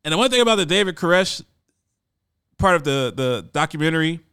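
A man talking in a casual, conversational monologue, animated and often repeating words as he goes. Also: a little high, fairly quick, smooth.

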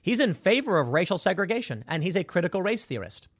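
A man hosting an opinion commentary show, talking in a sarcastic, mocking and animated way about a video. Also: high voice, quick pace, dry recording, clean studio sound.

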